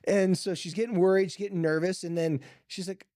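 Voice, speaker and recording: A man hosting a podcast, retelling a family story in a casual, lively way with filler words and quoted voices. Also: high-pitched, fairly quick, no room sound, studio quality. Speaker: podcast host. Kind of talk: storytelling monologue.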